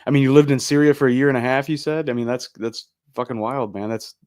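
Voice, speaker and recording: A man's voice: mid-range voice, fast, darkish tone. A man hosting a casual podcast chat, asking short follow-up questions. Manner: laid-back, asks short follow-up questions.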